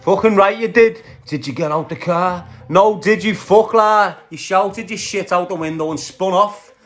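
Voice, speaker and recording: A man's voice: high-pitched, moderate pace, a bit bright, faint music behind. Brash Scouse man ranting on a livestream. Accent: Liverpool Scouse. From Liverpool, England. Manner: aggressive, profane, trash-talking while greeting viewers. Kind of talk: casual livestream rant.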